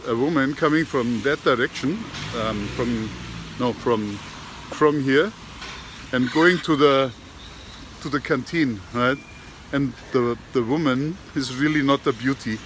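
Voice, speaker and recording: A man telling a joke to his camera outdoors at an industrial estate, halting and restarting his words as he goes. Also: medium pitch, a bit bright, a little hiss or hum. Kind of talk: casual storytelling to camera. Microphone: handheld camera.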